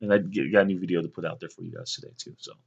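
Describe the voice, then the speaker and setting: A young man casually telling rambling stories to his sons, with many fillers and lively bursts when he quotes others. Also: sits low, rapid-fire, vocal fry, breathy edge, dull audio. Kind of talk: casual storytelling to camera.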